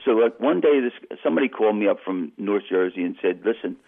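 Gravelly older man telling a story. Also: on the low side, lively intonation, fast talker. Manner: rambling, self-correcting anecdote. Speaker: interview guest. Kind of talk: casual storytelling. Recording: phone-like radio line.

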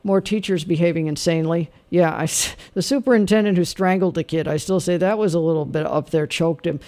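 A man's voice: fairly high pitch, fairly even intonation, a little fast, darkish tone. A man hosting a call-in radio show, chatting with callers in an easygoing, wry way. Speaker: radio host. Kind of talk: late-night call-in radio talk.

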